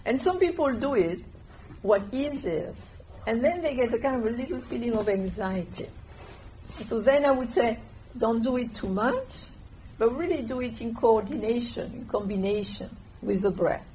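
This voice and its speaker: A woman, gently guiding a meditation class in an unhurried, soft-spoken way. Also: on the high side. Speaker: meditation teacher. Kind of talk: calm meditation instruction. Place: meditation hall with listeners. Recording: dull lo-fi room recording with faint hiss.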